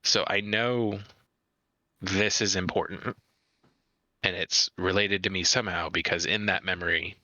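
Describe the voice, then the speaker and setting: A man playing a tabletop game, describing his character's actions in a halting, hesitant way. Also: low voice, steady tone, sharp tone, no room sound, rough recording. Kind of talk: in-character roleplay and narration.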